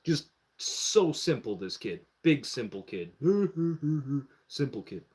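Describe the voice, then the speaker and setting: His voice is lowish with a breathy edge, and he takes his time. He's a live streamer telling a lengthy, relaxed story full of swearing, playing out other people's lines. The manner is lively and foul-mouthed, with impressions of the people involved.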